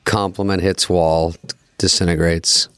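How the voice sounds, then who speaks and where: A man's voice: low-pitched, flat delivery, unhurried, clear, resonant tone, no room sound, clean studio sound, faint music behind. A man co-hosting a podcast, teasing and sarcastic in casual chat. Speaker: podcast co-host.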